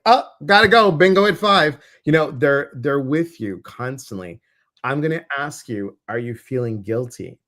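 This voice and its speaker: A middle-aged man co-hosting a casual weekly livestream, telling stories animatedly and acting out his own reactions. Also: fairly low pitch. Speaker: co-host of a weekly intuitive live show.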